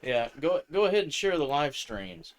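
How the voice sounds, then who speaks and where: A man's voice: fairly high pitch, very animated, normal speed. Laid-back man chatting on a live stream. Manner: laid-back, laughs often, swears casually. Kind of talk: casual live-stream chat.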